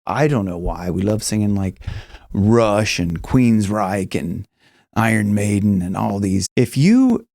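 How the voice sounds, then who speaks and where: A man teaching singing, explaining casually and breaking into high sung examples. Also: lively intonation, slow pace, darkish tone, dry recording, clean studio sound. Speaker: vocal coach. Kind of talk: singing lesson with demonstrations.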